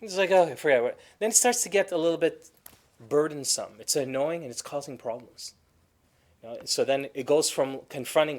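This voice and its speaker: A man teaching a Quran class in a conversational way, telling stories with animated quoted voices and reciting Arabic verses quickly. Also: on the high side. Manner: animated storytelling, acting out quoted spouses.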